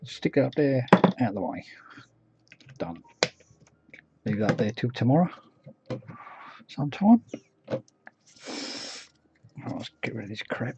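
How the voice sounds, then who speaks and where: A man's voice: medium pitch, very animated, measured pace, vocal fry, pauses often, noisy background. A man streaming as he paints miniatures, chatting casually, muttering to himself and humming idly between remarks. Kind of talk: casual live-stream commentary while working. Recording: dull lo-fi stream audio.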